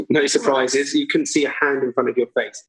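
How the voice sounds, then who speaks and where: A man talking casually on a podcast about his art projects, relaxed and quick to laugh. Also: mid-range voice, slightly rough, low-quality recording. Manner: laid-back, chuckles, jumps in with asides. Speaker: artist guest.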